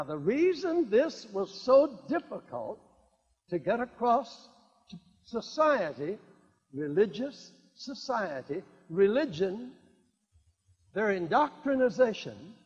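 An older man preaching a sermon, swinging between quiet asides and loud emphatic declarations and repeating key lines. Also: high-pitched, very animated, slow, husky. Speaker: evangelist. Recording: dull lo-fi recording in a reverberant hall.

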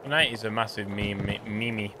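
A man's voice: on the low side, normal speed, noisy background. A man chatting casually and joking while he plays, often rambling and trailing off. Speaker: gaming streamer. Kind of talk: casual gameplay commentary.

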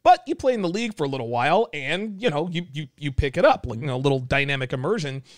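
A man's voice: fairly high pitch, quick pace, no room sound. A man hosting a casual studio talk, chatting loosely and reading out listener questions. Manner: relaxed, lots of fillers, reads listener questions. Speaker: host. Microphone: studio mic.

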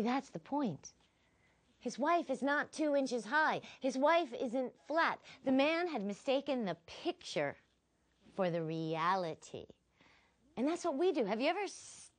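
A woman philosophy instructor giving a recorded lecture, telling stories expressively. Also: fairly high pitch. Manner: expressive, animated storyteller.

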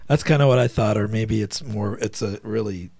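Gravelly-voiced man reading questions, off-mic. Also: lowish voice, normal speed, a little mellow, dry recording. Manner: reads questions aloud, brief and casual. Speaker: co-host reading viewer questions.

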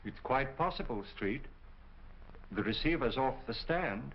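A courteous detective speaks politely and evenly, with an expressive lilt. The sound is muffled, with faint hiss from a 1940 film. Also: male voice, medium pitch. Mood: calm. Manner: polite, measured.

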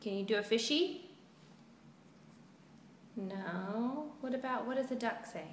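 A woman's voice: on the high side, a little slow. A mother playfully quizzing her toddler in a home video, asking coaxing sing-song questions. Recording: roomy home recording, faint noise.

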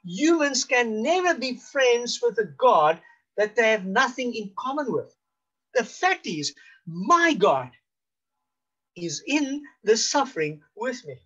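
A male pastor with a South African accent preaching slowly and deliberately, rising for emphasis and dropping to a hush. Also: extremely high pitch, very animated, lo-fi sound. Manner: slow, deliberate preaching with emphatic rises and hushed drops. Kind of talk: sermon.

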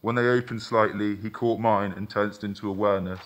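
A man reading his own first-person short story aloud in a measured, intimate way. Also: fairly low pitch, fairly even intonation.

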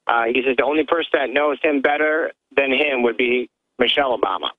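A man who is a radio producer gives a plain account on air, halting now and then with fillers. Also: medium pitch. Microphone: telephone line. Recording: tinny phone line.

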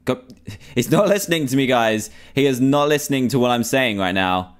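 A man's voice: mid-range voice, expressive, brisk, smooth. A man commentating on a horror game, panicky and pleading, repeating himself as he talks to himself. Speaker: gamer.

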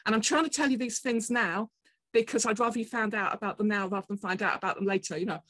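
A woman's voice: medium pitch, steady tone, quick pace, fairly bright tone, dry recording, rough recording. Chatty woman with a Portsmouth accent. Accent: Portsmouth English. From southern England. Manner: chatty, with frequent ums and restarts. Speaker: conference speaker. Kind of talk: presentation talk.

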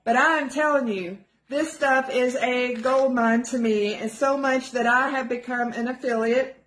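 High-voiced woman talking slow, earnest and pleading, kinda choked up, says stuff twice. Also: fairly bright tone. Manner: earnest and pleading, repeats herself for emphasis. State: emotional, close to tears at times. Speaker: product affiliate giving a testimonial. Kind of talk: earnest personal testimonial vlog.

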